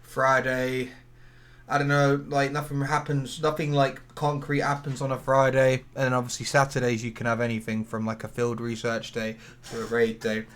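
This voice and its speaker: Brief: podcast co-host, mid-pitched, rambling casual gamer chat. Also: male voice, monotone, normal speed, a bit bright. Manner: chatty, rambling, sweary.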